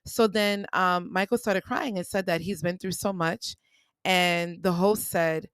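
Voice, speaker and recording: Unhurried and fairly low in pitch, her voice comes through clean with no room sound. She's a podcast host in grief, recounting a story in a frank, casual manner and frequently circling back over the same words.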